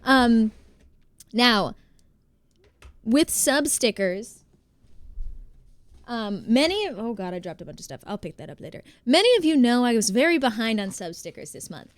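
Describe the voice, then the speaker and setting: Bubbly American woman streamer, crisp dry voice. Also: fairly high pitch, big pitch swings, a little slow, pauses often, dry recording. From United States. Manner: bubbly, chatty, greets viewers by name. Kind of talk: casual live-stream chat.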